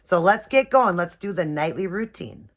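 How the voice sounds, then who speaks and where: A woman's voice: on the low side, moderate pace. A woman vlogging casually at home, chatty and doting as she shows off a doll. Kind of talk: casual show-and-tell vlog. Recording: steady background noise.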